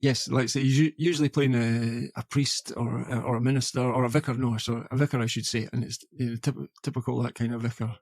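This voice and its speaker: A man talks about films in a loose, meandering way, often circling back with "uh" and "you know" before landing his point. His voice sits at an ordinary middle pitch, and the sound is close and dry, with no room around it. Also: fairly even intonation, fast, hardly any pauses, a little mellow, no echo. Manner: rambling, many fillers and restarts. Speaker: podcast co-host. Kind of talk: casual film chat.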